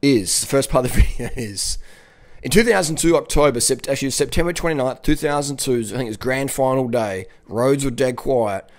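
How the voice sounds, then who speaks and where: An Australian man talks straight to his audience in a loose, rambling monologue. He gets excited easily, throws in "man" and mild swearing, and speaks with an ordinary mid-range pitch. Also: a little fast. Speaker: cycling vlogger. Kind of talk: casual monologue.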